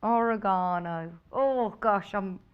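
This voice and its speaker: A woman hosts a live sales segment from a TV studio, walking viewers through sewing kits. Her voice sits at an ordinary middle pitch. She sounds chatty and bubbly, and she thinks aloud as she goes. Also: slow, smooth, muffled recording. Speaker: shopping channel presenter.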